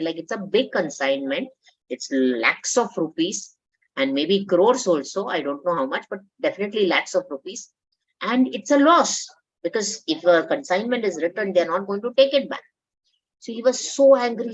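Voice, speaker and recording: A woman with an Indian accent, giving a conversational motivational talk as a life coach, coaxing and mixing in Hindi. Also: lowish voice. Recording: dull lo-fi audio.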